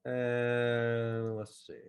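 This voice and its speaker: A man with an Irish accent, narrating a tabletop game as game master in a halting way with many fillers. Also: mid-range voice, monotone, background noise.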